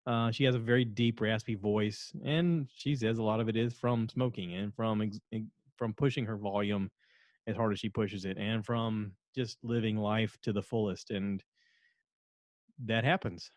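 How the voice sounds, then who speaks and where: A man's voice: fairly low pitch, steady tone, normal speed, no room sound, studio quality. Rambling man podcasting on his own. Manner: casual, rambling, self-deprecating joking. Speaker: podcast host. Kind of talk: solo podcast commentary.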